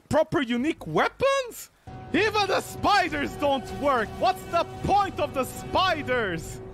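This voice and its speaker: Very high voiced guy streaming a game and ranting, swearing a lot, keeps asking what's the point. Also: gravelly, fairly bright tone. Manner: angry swearing rant; exasperated repeated questions. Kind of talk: livestream gameplay commentary.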